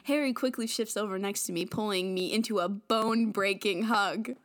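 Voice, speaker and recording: A woman's voice: mid-range voice, normal speed. A woman narrating fan fiction aloud to friends, giggling and commenting on the text as she goes.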